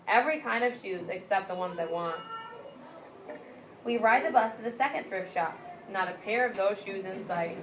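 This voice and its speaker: A woman teaching a class and reading a children's story aloud, voicing the characters with lively lifts. She is picked up from across an echoey classroom, with a faint hum of room noise behind her. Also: mid-range voice, distant mic. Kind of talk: classroom lesson with read-aloud.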